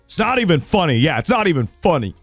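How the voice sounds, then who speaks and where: A man in his thirties talks casually on a live stream, excitable and quick to swear. His voice sits high and leaps around with wide, animated pitch swings. The sound is dry and close, with faint music underneath. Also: no echo. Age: 30s. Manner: excitable, swears often, bursts into shouted rants and laughter.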